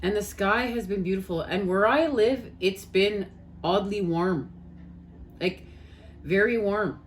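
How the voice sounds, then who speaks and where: A woman's voice: mid-range voice, slow, a little hiss or hum. A woman with a Canadian accent gives a casual spiritual talk to her viewers, earnest and repetitive, often calling them guys. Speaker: spiritual tarot reader.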